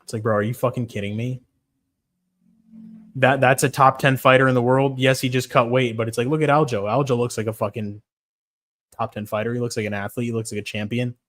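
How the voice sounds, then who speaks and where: A man's voice: medium pitch, fairly even intonation, a little fast, fairly bright tone. A man on a casual livestream, talking about fights in a blunt, rambling, profane way. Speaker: streamer.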